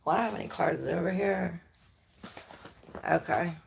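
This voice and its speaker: A woman in the middle of a loose, rambling tarot reading, thinking out loud as she goes. Her voice is low, thick with gravelly fry, and she takes her time over every phrase. A faint hiss sits under the recording. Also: unhurried. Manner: rambling, thinking aloud, laughs and swears casually. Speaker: tarot reader.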